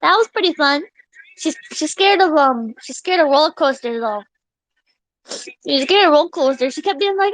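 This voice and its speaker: A young woman live streamer chatting casually with her viewers, excitable and giggly, swearing freely. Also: sits high, moderate pace, no room sound, low-quality recording.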